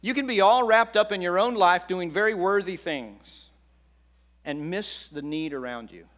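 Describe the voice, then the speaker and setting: Speaking at a normal speed in a high, slightly bright voice, a middle-aged man delivers a sermon as a pastor, keeping it conversational and frequently asking the congregation questions.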